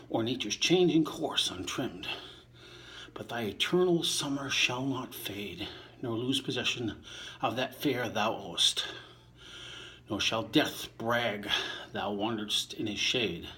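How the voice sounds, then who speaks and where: An older man reading sonnets aloud and chatting offhandedly between them. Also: fairly bright tone. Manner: recites verse, then chats in a low, offhand voice. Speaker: vlogger reciting sonnets while lifting. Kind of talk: casual recitation between lifts.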